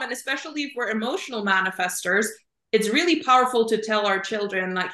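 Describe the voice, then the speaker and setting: A woman coach speaks with a bright, forceful tone, explaining her ideas through simple images in a relaxed, chatty way. Her voice rings in a roomy, echoey space. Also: a little high, fairly quick. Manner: thoughtful, explains with images, says "kind of" and "like" often. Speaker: Human Design reader and coach, guest. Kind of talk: casual explanatory chat.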